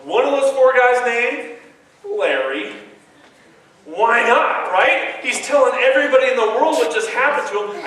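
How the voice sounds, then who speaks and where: An animated preacher retells a story with jokes and bursts of exclamation. His pitch sits high and bright and swings widely. The sound rings through a vast stadium, picked up from a distance with a faint background hum. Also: unhurried. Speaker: youth preacher. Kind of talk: lively sermon storytelling. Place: large stadium. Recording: echoey stadium from far off.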